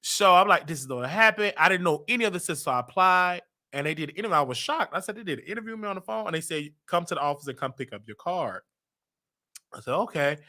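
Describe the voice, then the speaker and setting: Chicago man storyteller, bright high-ish voice, acts out quotes. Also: quick pace. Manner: animated, acts out quotes with big pitch jumps. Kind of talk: personal story told casually.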